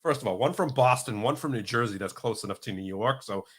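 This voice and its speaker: A man from the East Coast co-hosting a podcast, excitable and often breaking into laughter. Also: medium pitch, quick pace, husky. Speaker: podcast co-host. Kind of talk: casual podcast chat.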